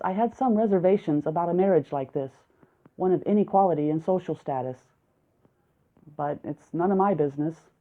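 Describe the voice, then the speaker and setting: Female audiobook narrator, lowish, steady reflective read, phone-like lo-fi sound. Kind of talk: audiobook narration of a first-person male narrator.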